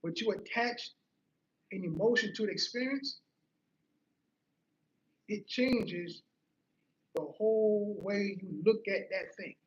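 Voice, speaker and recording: Speaking slowly with long pauses, this high-voiced man delivers a sincere motivational talk built around a personal story. Key phrases come back again and again for emphasis, captured in a roomy, somewhat muffled recording.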